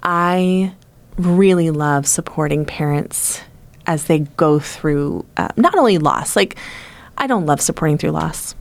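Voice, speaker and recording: A woman sits in as a guest on a casual podcast, recounting her experience in a low-pitched voice. She tells it as an animated story, slipping into the voices of the people she quotes. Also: a little slow, creaky. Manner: animated storyteller who acts out other people's lines. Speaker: supporter of parents through loss.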